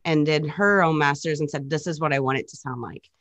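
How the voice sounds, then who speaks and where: A woman's voice: deep voice, fairly quick, a bit bright, no room sound. A young woman, a DJ and producer, chatting casually in an interview and explaining technical details as she tells stories. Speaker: DJ and music producer, guest.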